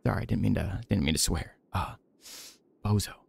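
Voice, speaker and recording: A man streaming a game, giving soft-spoken ASMR commentary with gentle self-talk and the odd casual swear. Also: low-pitched, moderate pace, gravelly, breathy edge.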